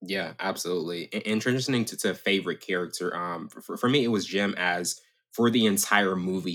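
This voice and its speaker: A man hosting a casual movie review chat, asking questions in a halting way that often stumbles over repeated words. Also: low-pitched, a bit bright. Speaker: podcast host.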